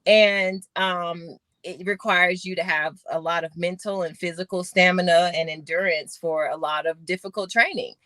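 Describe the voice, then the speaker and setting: Animated Arizona-raised woman, 40s, guest storyteller; bright, dry sound. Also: lowish voice, moderate pace, hardly any pauses, no room sound. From Phoenix, Arizona, USA. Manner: animated storyteller, acts out quotes. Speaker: guest, former Olympic sprinter. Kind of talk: casual podcast interview.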